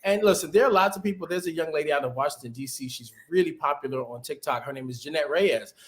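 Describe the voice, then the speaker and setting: A man's voice: a little high, fast. Upbeat man giving career advice on a call. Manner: animated, conversational advice-giving. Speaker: guest, TV executive producer. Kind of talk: casual webinar interview.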